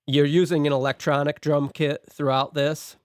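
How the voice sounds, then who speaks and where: A man's voice: fairly high pitch, level tone, normal speed, clear, resonant tone, no echo, studio quality. Man methodically going through his notes. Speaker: podcast co-host and song producer. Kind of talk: casual podcast discussion.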